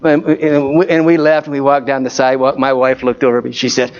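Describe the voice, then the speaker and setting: A man's voice: medium pitch, little pitch movement, quick pace, highs cut off. A man preaching a folksy Baptist sermon, telling stories and repeatedly asking his congregation for an amen.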